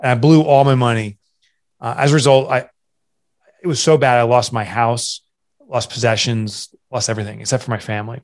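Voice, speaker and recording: A man's voice: medium pitch, steady tone, a little fast. A man in his forties, a guest entrepreneur and author, telling his story candidly in an interview, earnest and at times choked up. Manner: earnest, confessional, restarts often. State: emotional, voice catching.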